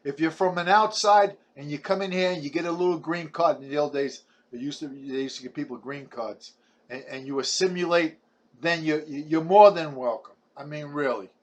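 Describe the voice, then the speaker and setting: Seventies New man, raised pitch, ranting combatively with stumbling restarts. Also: moderate pace. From Brooklyn, New York. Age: 70s. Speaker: vlogger. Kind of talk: ranting monologue.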